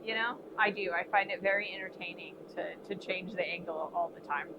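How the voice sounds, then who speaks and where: A woman's voice: lowish voice, fairly even intonation, a little fast, lo-fi sound, heavy background noise. A woman with a Midwestern accent chatting casually with her live-stream viewers from her forge, laughing often and poking fun at herself. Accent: American Midwest. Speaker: blacksmith streamer. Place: forge workshop.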